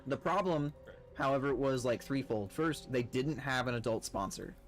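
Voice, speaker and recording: A man's voice: mid-range voice, normal speed, soft background music. A man streaming a game with friends, rambling through a funny work story, swearing freely and laughing at himself. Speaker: streamer playing with guildmates. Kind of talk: casual storytelling while gaming.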